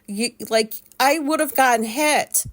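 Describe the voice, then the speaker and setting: A woman vlogger telling a story in a rambling, casual way, full of "like" fillers and swearing. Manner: animated, quick pitch jumps when telling a story.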